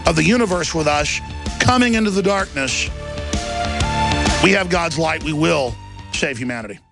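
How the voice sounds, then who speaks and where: A man's voice: fairly high pitch, expressive, normal speed, gravelly, over music. A man hosting a talk radio show, delivering an intense, rambling monologue with emphatic outbursts. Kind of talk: ranting monologue. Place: radio studio.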